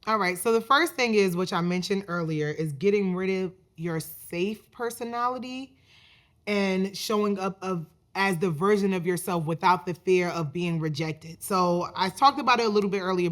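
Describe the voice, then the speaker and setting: Chatty woman telling a story on her podcast. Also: medium pitch. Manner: chatty, animated, many fillers like "like". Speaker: podcast host. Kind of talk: casual storytelling monologue.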